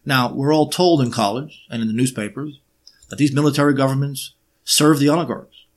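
A man giving a lecture-style monologue, often pausing on fillers and throwing in sarcastic rhetorical questions. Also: mid-range voice, fairly even intonation. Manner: frequent filler hesitations.

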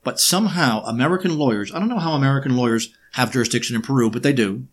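A man giving a lecture-style monologue, often pausing on fillers and throwing in sarcastic rhetorical questions. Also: medium pitch. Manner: frequent filler hesitations.

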